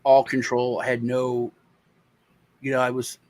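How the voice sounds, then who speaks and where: Brief: American man, mid-pitched voice, rambling casual storyteller, lots of restarts. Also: completely flat delivery, a little mellow, no echo, poor audio. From United States. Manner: rambling, halting storyteller with many restarts and fillers. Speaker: co-host telling a childhood story. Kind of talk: casual chat.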